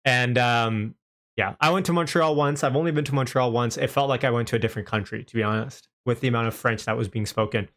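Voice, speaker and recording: A man's voice: mid-range voice, fast, a bit bright. Young man, light Canadian accent, casual live stream host, chatty, laughs often, reads chat aloud. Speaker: livestream host.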